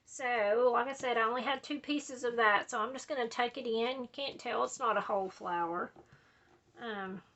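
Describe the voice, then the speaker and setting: A woman's voice: a little high, normal speed, fairly bright tone. A woman, chatting casually and rambling while she does a scrapbooking project at home. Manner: chatty, drawling, says y'all and like a lot. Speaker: scrapbooking video host.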